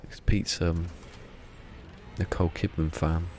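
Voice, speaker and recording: A man's voice: low-pitched, fairly even intonation, unhurried, a little mellow, slight background noise. A man streaming a game live, chatting casually in a rambling, self-mocking way.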